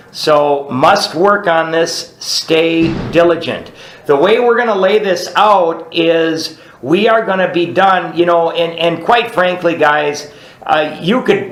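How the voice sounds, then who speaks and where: A man's voice: fairly high pitch, a bit bright, roomy sound. Plainspoken man leading a study group. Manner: plainspoken, conversational, frequent "right?" check-ins. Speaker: recovery group study leader. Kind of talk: teaching a group through a book.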